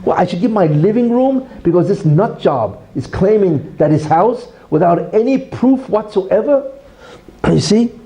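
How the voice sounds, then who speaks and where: A man teaches as a rabbi in an emphatic lecture, tagging point after point with "right?" and "you see". His voice is very dark and mellow, yet his pitch leaps around in a lively, animated way. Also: measured pace, low-quality recording. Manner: teaches through a parable, acting out the quarrel in raised voices. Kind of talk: religious lecture.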